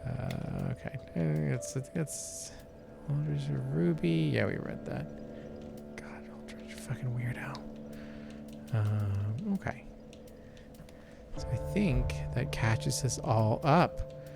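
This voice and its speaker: A man with a mid-range voice reads game item lore aloud in a relaxed, chatty way. He breaks off for casual asides, and music plays clearly behind him. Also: mid-range voice, slow. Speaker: podcast co-host. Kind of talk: casual let's-play chat, reading item text.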